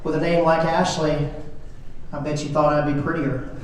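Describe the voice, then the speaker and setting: A man's voice: fairly high pitch, little pitch movement, normal speed, background noise. A middle-aged man works through a stand-up set with dry, self-mocking timing. He is heard from a distance, and the club's heavy echo rings around every line. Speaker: stand-up comedian. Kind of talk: stand-up comedy routine. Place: comedy club stage. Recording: echoey club from far off.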